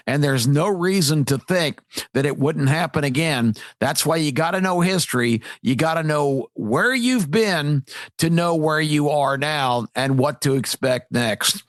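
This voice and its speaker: A man's voice: a little high, fairly bright tone, no room sound. Emphatic male radio commentator. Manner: emphatic, repetitive, frequent "uh" fillers. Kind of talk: opinion monologue.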